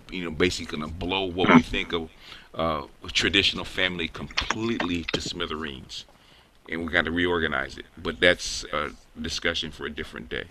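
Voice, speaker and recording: A man hosting a casual online group discussion, talking in halting bursts with many restarts. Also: sits low, sharp tone, a little hiss or hum. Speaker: host of an online group call.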